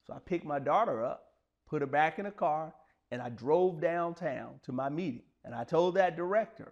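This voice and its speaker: Man in his forties, slightly high voice, earnest motivational storyteller, plain-spoken. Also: expressive, moderate pace, a little mellow, muffled recording. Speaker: speaker sharing personal stories.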